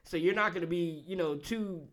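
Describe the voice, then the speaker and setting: A male host chatting casually in an interview, excitable and quick to laugh. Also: sits high, a crowd in the background.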